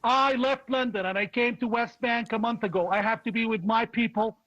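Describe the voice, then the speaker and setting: Man, very high voice, impassioned political talk, dry dull lo-fi sound. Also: fairly even intonation, a little fast, dry recording. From Palestinian, raised in Jordan. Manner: forceful, indignant, repetitive. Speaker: political opposition leader.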